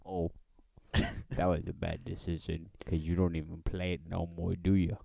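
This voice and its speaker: A man's voice: sits low, flat delivery, moderate pace, vocal fry, warm tone. A young man co-hosting a casual podcast, joking in a mock-sentimental way. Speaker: podcast co-host. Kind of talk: casual chat.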